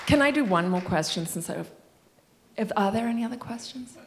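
A woman's voice: on the high side, animated, brisk, crowd noise, noisy background. A woman author in a library community room, reading expressively from her memoir and answering audience questions with wry asides.

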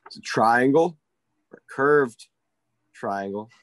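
A man who works as a ski instructor tells a story in a casual interview. He is animated and keeps checking in with "right?". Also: medium pitch, slow, dry recording.

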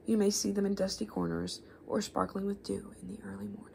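A woman's voice: medium pitch, big pitch swings, fast talker, creaky, darkish tone, slight background noise. A woman whispering a myth as a storybook reading in a whispered role-play. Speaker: ASMR creator.

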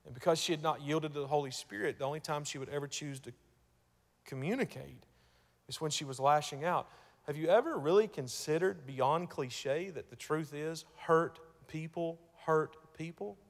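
A man preaching a sermon as pastor, telling a story and repeating words as he starts, moving between hushed and loud passages. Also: fairly high pitch, normal speed, vocal fry, big-room sound. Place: church sanctuary.

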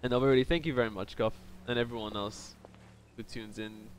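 A man's voice: medium pitch, fairly even intonation, brisk, a little hiss or hum. A man streaming a game live, joking and chatting playfully with viewers. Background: game music.

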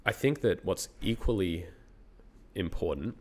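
A man's voice: deep voice, animated, a little slow, a little mellow. A man in his thirties with an Australian accent, a university researcher talking as a guest in a casual interview, thinking aloud and laughing often.

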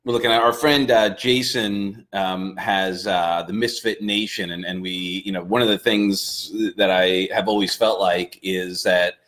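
A man's voice: low-pitched, steady tone, measured pace, hardly any pauses, fairly bright tone. A man co-hosting a casual live chat, rambling with restarts and trailing off. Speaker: co-host.

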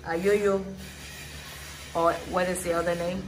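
A woman, vlogging casually and explaining things plainly, often pausing to find her words. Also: lowish voice, flat delivery. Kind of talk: casual vlog narration. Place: outdoor porch used as a kitchen. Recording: outdoor ambient noise.

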